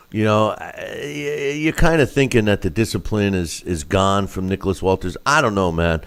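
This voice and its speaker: A man co-hosting a boxing podcast, rambling with lots of fillers and restarts. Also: lowish voice. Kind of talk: casual chat.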